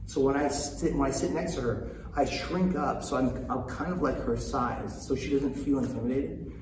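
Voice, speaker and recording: A man's voice: mid-range voice, normal speed, noisy background. Earnest man in a very echoey room. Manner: earnest, repeats points, addresses listeners directly. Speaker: parenting coach. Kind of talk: casual talk to viewers. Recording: very echoey room, distant mic, faint ambience.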